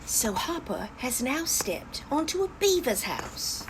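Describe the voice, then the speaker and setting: Storyteller: high, lively woman, slow and warm read-aloud, faint hiss. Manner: animated, talks to young listeners.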